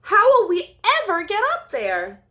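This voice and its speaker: A woman voicing an eager, excitable young male critter, the big brother in a storybook, with a squealy, breathless voice. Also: extremely high pitch, a little slow, voice pushed up, exaggerated voice. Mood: excited.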